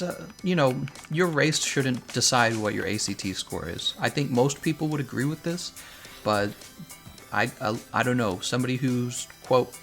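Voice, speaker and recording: A man's voice: medium pitch, creaky, fairly bright tone. A young adult man streaming a game, chatting casually and with strong opinions, laughing often. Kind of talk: casual livestream chat while playing.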